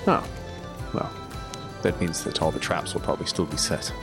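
A man's voice: very deep voice, moderate pace. A man playing a tabletop game, speaking in character with wordy, mock-formal phrasing. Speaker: player. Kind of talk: in-character tabletop role-play. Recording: music playing behind.

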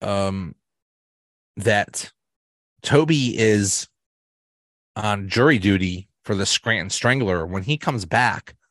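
A man hosting a casual solo podcast, talking in a rambling way with restarts and quick bits of quoted voices. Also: lowish voice, fairly bright tone, no echo, studio quality. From Pittsburgh area. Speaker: podcast host.

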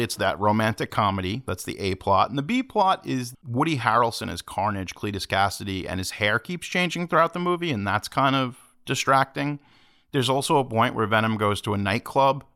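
Animated man telling a story. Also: lowish voice. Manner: animated, swearing, acts out quotes. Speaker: podcast host. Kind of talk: casual storytelling chat.

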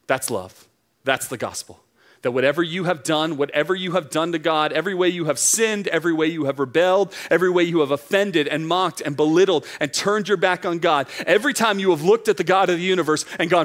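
Earnest preaching man, slightly high voice. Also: fairly quick, a bit bright. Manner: earnest, emphatic preaching with repeated phrases. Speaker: young adults pastor. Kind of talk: sermon.

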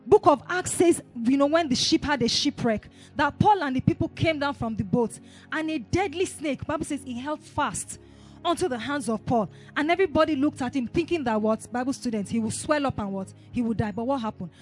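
A woman pastor, preaching a sermon and asking the congregation call-and-response questions. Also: sits high. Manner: rising to shouted declarations.

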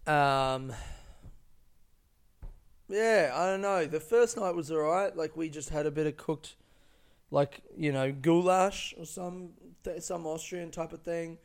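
A man's voice: fairly high pitch, slow, clear, resonant tone. A man telling a personal story in a casual monologue, rambling and profane with many fillers and restarts.

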